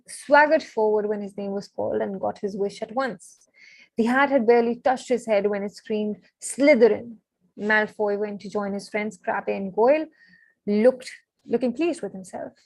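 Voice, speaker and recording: Excitable young woman reading aloud. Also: mid-range voice, a little slow, gravelly, dry recording, poor audio. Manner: excitable and chatty, with many fillers and apologies. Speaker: live-stream book reader. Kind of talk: reading a novel aloud on a live stream.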